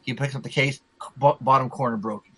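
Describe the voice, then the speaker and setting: A man's voice: medium pitch, fairly even intonation, brisk, a bit bright, slight background noise, poor audio. A man telling a rambling, profanity-laced story in casual chat, full of fillers.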